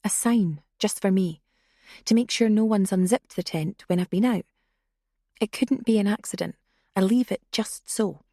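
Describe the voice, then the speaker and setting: A woman voicing a blunt, wry young woman who talks briskly and matter-of-factly. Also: medium pitch, mellow, dry recording, studio quality, close to an everyday voice.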